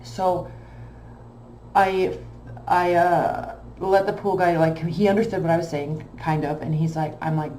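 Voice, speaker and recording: A woman casually telling a long personal story, emotional and animated, with many fillers. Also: on the low side, unhurried, echoey room, a little hiss or hum. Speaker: tarot channel host.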